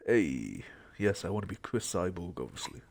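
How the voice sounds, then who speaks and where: A man's voice: low-pitched, big pitch swings, normal speed, gravelly. A young man who is unwell, rambling to himself in casual gaming stream commentary. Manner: rambling, mumbling asides to himself. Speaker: game streamer.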